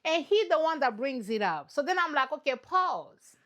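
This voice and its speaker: Woman reaction vlogger, high voice, lively and playful. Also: fairly quick. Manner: animated, playful, repeats herself for effect. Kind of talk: casual reaction commentary.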